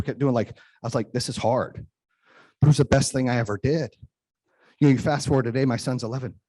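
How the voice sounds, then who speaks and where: Husky-voiced man telling a motivational story. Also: a little high, darkish tone, no echo. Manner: emphatic and conversational, asks "right?" often. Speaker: host.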